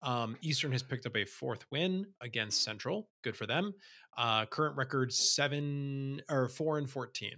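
A man's voice: mid-range voice, a little slow, pushed and bright. A man co-hosting a casual sports podcast, easygoing and hesitant, with frequent ums. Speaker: podcast co-host.

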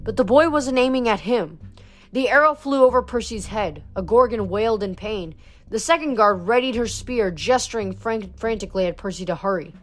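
A woman reading a novel aloud in a steady storytelling way. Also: on the high side, moderate pace, faint music behind. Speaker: reader.

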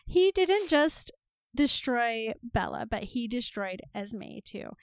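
A woman's voice: on the high side, very animated, takes it slowly, no room sound, clean studio sound. A woman co-hosting a casual book chat, reacting with emphatic exclamations and frequent laughter. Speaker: podcast co-host.

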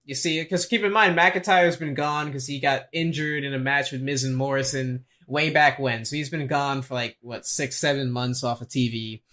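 A man's voice: medium pitch, fairly even intonation, bright, forceful tone. A man co-hosting a podcast, talking eagerly in casual chat and cutting in to add to the story. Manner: eager, fast, jumps in with interruptions. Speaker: podcast co-host.

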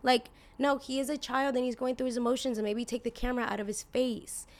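A woman's voice: fairly high pitch, steady tone, fast. A woman in her twenties hosting a podcast, talking in a blunt, indignant, casual way, full of "like" and the odd swear word. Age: 20s. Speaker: podcast host. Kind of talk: casual opinion podcast monologue.

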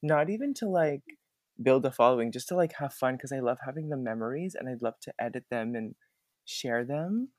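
A young man speaking as a podcast guest, his pitch sitting in the ordinary middle range for a man. He tells his stories in an earnest, animated way and keeps saying how grateful he is. The recording is dry and close, with no room sound. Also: moderate pace, no echo. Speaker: guest, former theme park puppeteer. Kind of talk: conversational podcast interview.

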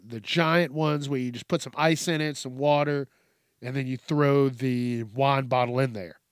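A man with a slightly high voice rants on a solo podcast, unhurried and loose. He swears freely, rambles, and keeps jumping into mock quotes before laughing at his own jokes. The sound is close and dry, with no room around it. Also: no echo. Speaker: podcast host. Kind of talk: casual solo podcast rant.

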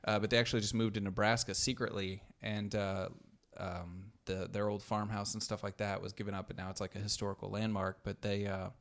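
A man's voice: fairly low pitch, little pitch movement, a little fast, hardly any pauses. A man in casual podcast chat, explaining history at length with many "uh"s and restarts. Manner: rambling explanations full of "uh" and restarts.

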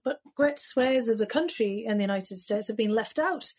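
Husky British woman recounting memories. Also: a little high, moderate pace, a little mellow. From United Kingdom. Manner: reflective, storytelling, frequent "you know" fillers. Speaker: guest. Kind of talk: conversational interview.

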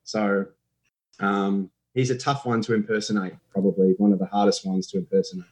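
A man's voice: lowish voice, little pitch movement, brisk, darkish tone, rough recording. A young Australian man, a guest impressionist, chatting and telling stories on a podcast. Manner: chatty, storytelling, laughs easily. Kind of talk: casual podcast chat.

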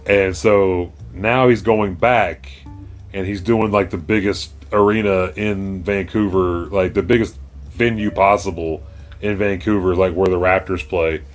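Man, podcast host, low voice, loose rambling chat, faint music behind. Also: steady tone, measured pace. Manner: rambling, laid-back, trails off. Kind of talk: casual stoned chat. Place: indoor room with cartoons playing. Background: faint music from cartoons.

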